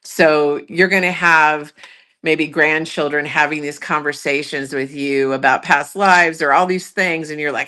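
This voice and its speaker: An older woman with a very low voice gives an earnest psychic reading. Her tone is bright and forceful, and her speech flows on with frequent ums. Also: little pitch movement, a little slow. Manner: earnest, flowing, filler-heavy. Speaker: tarot reader. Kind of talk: casual live tarot reading.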